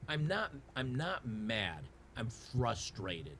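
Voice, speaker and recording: Gravelly man ranting over gameplay. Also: mid-range voice, very animated, slow, fairly bright tone, slight background noise. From Tennessee. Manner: frustrated, repetitive restarts, sarcastic. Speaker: gaming channel host.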